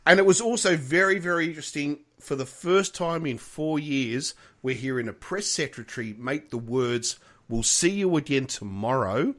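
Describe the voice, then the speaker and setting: A middle-aged man co-hosting a podcast in casual chat, frank and animated, swearing freely and laughing often. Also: a little high, normal speed, hardly any pauses. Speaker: podcast co-host.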